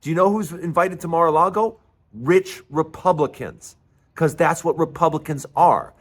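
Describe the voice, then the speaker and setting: A man's voice: a little high, normal speed. A man hosting his own show in an angry, sarcastic political rant, sometimes mocking others in put-on voices. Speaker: host.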